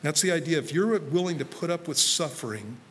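A man, a pastor, preaching a sermon to a congregation in a relaxed, conversational way, telling stories from his own life and quoting himself. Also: a little high, brisk, in a large hall, slight background noise. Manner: conversational, storytelling with self-quoted asides. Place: church sanctuary before a congregation.

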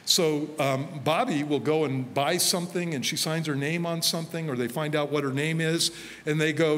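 A man preaching a sermon as pastor, telling personal stories in a relaxed conversational way. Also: on the high side, moderate pace. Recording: faint hall reverb with light noise.

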